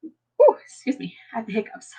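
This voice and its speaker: Speaking a little slowly in a mid-range voice, a woman hosts a laid-back live chat. She meanders chattily, using many fillers, and stays warm and friendly with her viewers.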